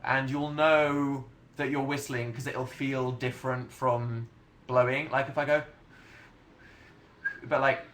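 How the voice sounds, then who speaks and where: A man's voice: medium pitch, little pitch movement, takes it slowly, pauses often, background noise. A young English man hosting a casual livestream, rambling and self-mocking as he answers chat questions. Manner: rambling, self-mocking, chatty with frequent laughs. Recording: roomy home webcam sound.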